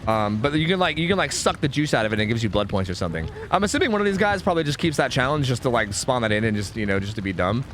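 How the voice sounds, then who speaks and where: A young man streaming a game, chatting casually with his viewers, swearing freely and trailing into quick asides. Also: mid-range voice, lively intonation, a bit bright, slight background noise. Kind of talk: casual gaming commentary.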